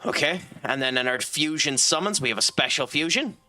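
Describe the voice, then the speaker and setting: A man's voice: a little high, expressive, brisk, pushed and bright, soft background music. An Irish man streaming a game, talking casually and rambling with lots of ums and restarts while he chats with his viewers. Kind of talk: casual gameplay commentary and chat reading.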